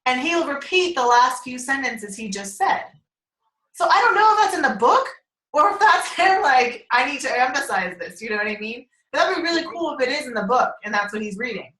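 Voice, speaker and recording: A woman's voice: high voice, very animated, brisk, sharp tone. A woman chatting casually on a group call, rambling, laughing often and swearing casually. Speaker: team member on a group call. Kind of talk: casual chat. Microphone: conference call line. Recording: echoey room.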